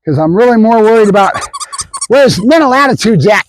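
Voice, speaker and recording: Male dog trainer, high pitched, very lively, casual demo talk, dry sound. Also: brisk, no echo, low-quality recording. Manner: switches between explaining and high, excited praise to a puppy; casual, addresses viewers as guys. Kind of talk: hands-on training demo with commentary to viewers. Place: outdoors at a training area.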